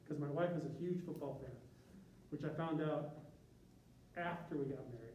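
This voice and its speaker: A man's voice: fairly high pitch, normal speed, warm tone, a little hiss or hum. A man from Chicago, a university graphic artist, giving an informal, self-deprecating talk to a class. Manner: self-deprecating, joking, chatty with tangents. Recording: echoey room from a distance.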